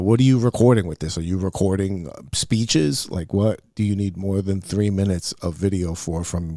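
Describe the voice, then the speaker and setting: Man, podcast host, rambling profane rant, low voice, dry close sound. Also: mellow, no echo. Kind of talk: casual solo podcast monologue.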